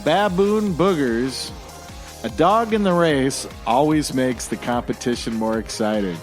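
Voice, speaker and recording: A man's voice: mid-range voice, expressive, measured pace, faint music behind, pitched above the performer's own voice, close to an everyday voice. A man putting on a drawling folksy Texan.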